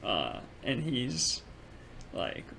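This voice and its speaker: A man's voice: medium pitch, huge pitch swings, drawn-out words, creaky, bright, forceful tone, a little hiss or hum. A young man co-hosting a podcast in a laid-back casual chat, saying "bro" and "dude" and laughing often. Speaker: podcast co-host.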